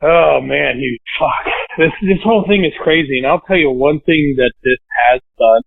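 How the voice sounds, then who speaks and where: A gravelly-voiced man hosts a chat over a thin, phone-like line. His voice is fairly high for a man. He talks bluntly, with plenty of swearing, and breaks into easy laughter. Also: moderate pace. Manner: profane, blunt, laughs easily. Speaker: podcast host. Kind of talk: casual chat. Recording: tinny dry phone line.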